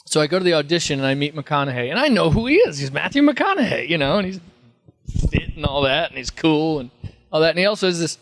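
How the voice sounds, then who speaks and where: Chatty storytelling man, higher voice. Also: big pitch swings, quick pace, a bit bright. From Texas. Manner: rambling storyteller, slips into impressions and laughs. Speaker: convention panel guest. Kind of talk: casual anecdotal Q&A.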